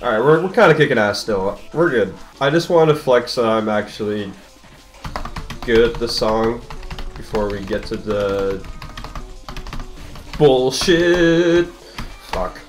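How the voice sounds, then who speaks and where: A young man rambles restlessly through his gameplay commentary, swearing freely as he plays. His voice sits at an ordinary middle pitch. Faint game music plays underneath. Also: slow, pauses often. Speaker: gaming streamer.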